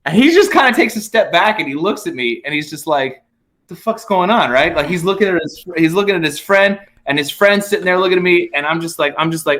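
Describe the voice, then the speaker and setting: A man, a comedian guest on a podcast, telling a story in casual chat, animated and profane, acting out both sides of an exchange. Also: on the high side, a little fast. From United States.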